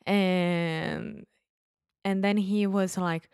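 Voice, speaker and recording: A woman's voice: medium pitch, slow, clear, resonant tone, no echo, studio quality. A Brazilian woman with a Brazilian Portuguese accent, co-hosting a casual podcast chat and telling stories with laughter. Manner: animated storytelling with acted quotes and laughter. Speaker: podcast co-host.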